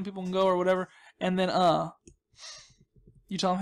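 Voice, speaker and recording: A young man talks through his gameplay in a loose, rambling way, sliding into side jokes before finding his thread again. His voice sits high for a man and carries a noticeable gravelly fry. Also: steady tone, fairly quick. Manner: rambling, chatty, jokey asides. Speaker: let's play host. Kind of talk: casual gameplay commentary.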